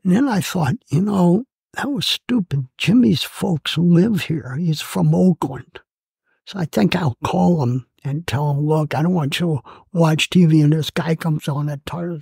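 A man in his eighths decade, a Marine veteran, telling his story in an oral-history interview, halting and emotional with many fillers and restarts. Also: a little high, creaky, a little mellow, husky, dry recording. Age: 80s.

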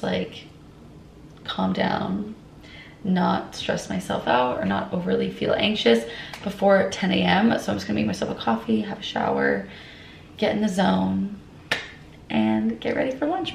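A woman's voice: mid-range voice, gravelly, slight background noise. Bubbly young woman vlogging at home. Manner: bubbly and chatty, many fillers. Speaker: vlogger and brand founder. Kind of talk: casual vlog talk to camera. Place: her apartment.

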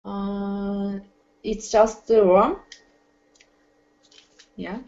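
Slow-spoken woman student on a call. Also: mid-range voice, level tone, warm tone. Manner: short hesitant answers. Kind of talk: simple learner English. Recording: muffled video call audio.

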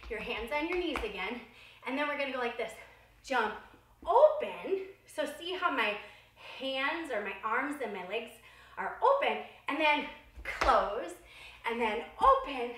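Very high, bright-voiced woman teaching kids. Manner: playful and encouraging, with frequent gasps. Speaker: children's dance instructor. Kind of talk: kids' movement lesson. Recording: echoey room with faint music.

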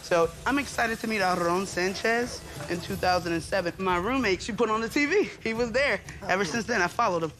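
A woman in her thirties from Atlanta, a cooking contestant talking with eager high energy. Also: fairly quick, hardly any pauses, fairly bright tone. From Atlanta, USA. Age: 30s. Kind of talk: excited confessional interview. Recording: music bed under speech.

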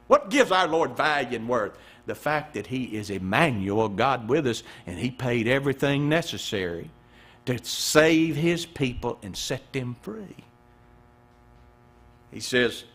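A man, a pastor preaching a sermon, firing rhetorical questions and dropping suddenly to a hush. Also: animated, measured pace. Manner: preaching with swooping pitch, rhetorical questions and sudden hushed drops.

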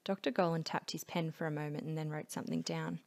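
A woman reading a novel aloud in a steady, low-key way, dropping to a whisper in places. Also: fast, gravelly. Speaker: audiobook reader.

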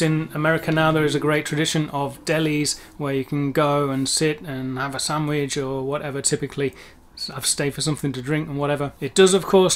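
A man explaining word pronunciations as a language teacher, careful and wordy with frequent asides. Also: fairly high pitch. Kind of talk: educational explainer.

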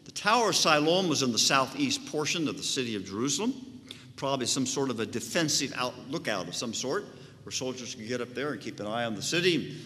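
A man preaching in a church, his bright, ringing voice carried by long reverb. He leans into emphatic points with lively swings of pitch and a slightly high register. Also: a little fast. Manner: emphatic, rising and falling preaching cadence. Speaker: pastor. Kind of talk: sermon. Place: church sanctuary.

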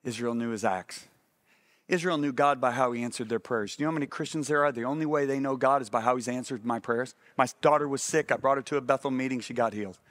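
A middle-aged man preaching a sermon, animated and often asking the congregation if they follow him. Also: medium pitch, fast.

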